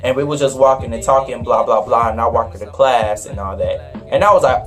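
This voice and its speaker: A young man telling a story in a casual, slangy, animated way, with faint music behind him. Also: mid-range voice, brisk. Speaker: vlogger. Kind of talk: storytime vlog.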